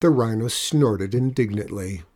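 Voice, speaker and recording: A man narrating a children's storybook aloud in a gentle, measured way. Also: fairly low pitch. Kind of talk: storybook reading.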